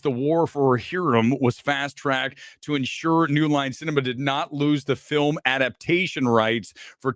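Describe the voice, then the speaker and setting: A man's voice: mid-range voice, a bit bright, no room sound, clean studio sound. A man hosting a movie news show, ranting with profanity and sarcasm in casual commentary.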